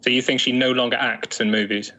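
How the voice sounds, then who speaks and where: A man's voice: mid-range voice, flat delivery, fairly quick, pushed and bright, faint music behind, poor audio. A man hosting a podcast in casual, rambling chat, teasing his guests. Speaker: podcast host.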